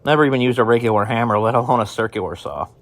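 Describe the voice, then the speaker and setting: An actor playing an anxious, self-doubting man who records a tape diary, talking haltingly with many restarts and fillers. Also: medium pitch, fairly bright tone, no room sound, lightly acted. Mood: wistful. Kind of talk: audio drama narration.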